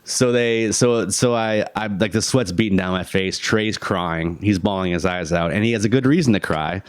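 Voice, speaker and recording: A man in his thirties tells a story as a podcast guest, his voice deep and smooth. He laughs a lot and leaps into squeaky voices for the people he quotes. The sound is dry and close to the mic. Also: moderate pace, no echo. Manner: animated, jumps into high-pitched voices for quoted people; laughs often, many fillers. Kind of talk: casual storytelling.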